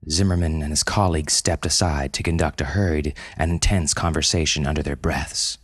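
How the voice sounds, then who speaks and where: A man narrating a scripted story in a calm, low-key way. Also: fairly quick, hardly any pauses, no room sound, studio quality.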